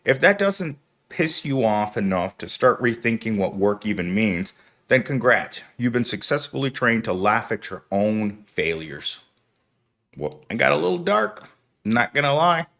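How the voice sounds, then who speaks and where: A man's voice: medium pitch, big pitch swings, measured pace, vocal fry, fairly bright tone. A man with a stuffy, nasal voice from being sick, talking as a YouTuber in a blunt, sardonic vlog. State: sick and congested. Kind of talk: casual vlog commentary.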